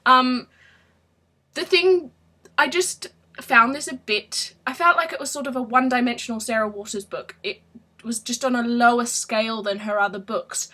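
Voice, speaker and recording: Chatty woman reviewing books, bright voice, pitched a bit high, lots of ums. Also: steady tone, normal speed. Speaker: book reviewer. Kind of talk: casual book review vlog.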